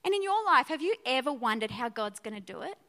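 High-voiced woman preaching with energy. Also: quick pace. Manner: energetic, conversational preaching with frequent "right?". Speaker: pastor. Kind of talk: sermon. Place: church auditorium.

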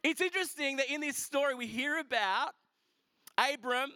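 A man preaching a sermon, retelling a scripture story in a lively, casual way with asides to the congregation. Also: extremely high pitch, moderate pace, dry recording. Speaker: pastor.

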